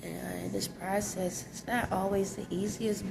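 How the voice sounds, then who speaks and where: A woman's voice: medium pitch, level tone, slow, gravelly. Tearful woman venting in a noisy lobby. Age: adult with children. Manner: tearful, raw and candid, speaks in casual vernacular. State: crying. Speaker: vlogger. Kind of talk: emotional confessional vlog. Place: hotel lobby.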